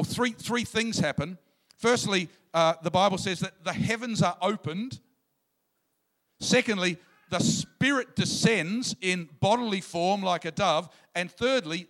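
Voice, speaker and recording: A man preaching a sermon in an animated way, sometimes bursting into loud shouts. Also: high-pitched, normal speed.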